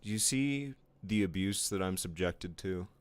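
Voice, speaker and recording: A man's voice: sits low, lively intonation, measured pace, clear, resonant tone, no room sound. A man streaming his drawing live, chatting casually with viewers in playful, mock-offended banter. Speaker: art streamer.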